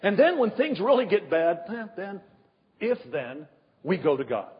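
A male pastor delivering a sermon with emphatic rhetorical questions and drawn-out pauses, his voice husky. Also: high voice, big pitch swings. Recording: dull echoey hall.

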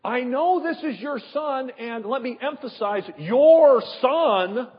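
A male preacher acting out an exasperated father complaining to God, with a husky, sarcastic, indignant delivery. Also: extremely high pitch, normal speed, voice pushed up. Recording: dull echoey hall.

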